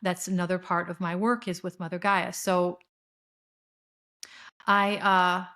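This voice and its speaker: A woman's voice: lowish voice, flat delivery, unhurried, bright, forceful tone. A middle-aged woman hosting a spiritual podcast, talking in an earnest, rambling way with fillers and restarts. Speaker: podcast host. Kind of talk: spiritual monologue.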